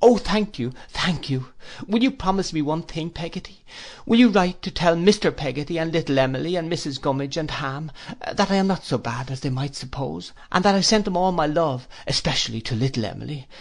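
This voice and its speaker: Sobbing, pleading small boy, raised pitch, voiced by a male narrator. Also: animated, a little fast, vocal fry. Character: frightened, remorseful little boy.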